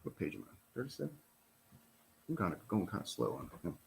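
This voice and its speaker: A middle-aged American retired police officer talks fast in a low, creaky voice, a slight hiss or hum behind him. Reading through a report, he gives casual commentary that's blunt, profane, animated and heated.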